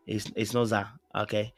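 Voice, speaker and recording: A man's voice: fairly low pitch, vocal fry, fairly bright tone, breathy edge, dry recording. A man with a British accent hosting a podcast in casual live-stream chat, rambling with many fillers and repeated phrases, playfully insistent. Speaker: podcast host.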